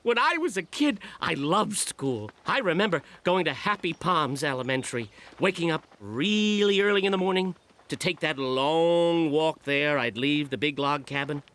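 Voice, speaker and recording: A bashful, eager male hippo from a cartoon, who stammers and lights up at any praise. His voice leaps up and down with bright, lively energy. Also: a little high, moderate pace. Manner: bashful, stammering, easily flattered, theatrical when reading aloud.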